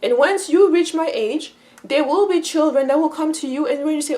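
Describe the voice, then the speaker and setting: A high-pitched woman talks through a relaxed explanatory monologue as a cultural teacher. She circles back on her words, restarting phrases as she thinks. She brings quoted speakers to life with animated shifts in her voice. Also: normal speed. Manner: repeats and restarts phrases while thinking aloud.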